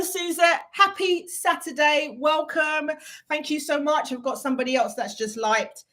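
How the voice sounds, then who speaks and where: A woman's voice: a little high, moderate pace, fairly bright tone. Chatty English woman hosting a live Q&A. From United Kingdom. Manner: chatty and rambling, reading viewer comments aloud. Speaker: live-stream host. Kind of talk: unscripted live Q&A chat.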